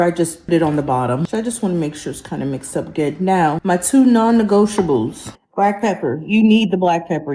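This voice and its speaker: A woman's voice: fairly low pitch, dark tone. Chatty woman cooking in echoey kitchen. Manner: chatty, homey, laughs often, says "y'all" and "child". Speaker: cooking vlogger. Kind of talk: casual cooking tutorial. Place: home kitchen. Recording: roomy kitchen echo, clear background noise.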